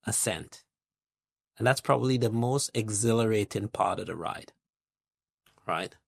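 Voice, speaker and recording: A middle-aged man from Trinidad, a guest investor speaking in a measured, reflective interview manner, building his points with analogies and lists. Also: on the low side, gravelly, breathy edge, no echo, studio quality.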